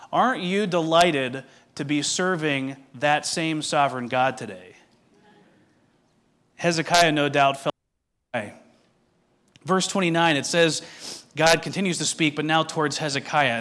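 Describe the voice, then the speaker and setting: A pastor preaches a sermon, reading scripture aloud and explaining it in a measured way while putting direct questions to his listeners. His voice is a little high and a bit bright.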